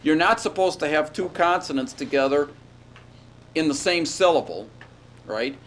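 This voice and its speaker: A man's voice: on the high side, lively intonation, moderate pace, fairly bright tone. Guy giving a grammar lecture in a classroom, rambles a bit, keeps asking "all right?", faint hiss behind. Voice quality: chatty, digressive, checks in with "all right?".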